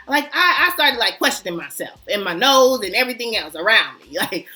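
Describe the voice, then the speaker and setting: Chatty, bright high-voiced woman vlogger. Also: a little fast, faint music behind. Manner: chatty, animated, self-mocking, addresses viewers as y'all. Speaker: fragrance vlogger. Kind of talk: casual chat to camera.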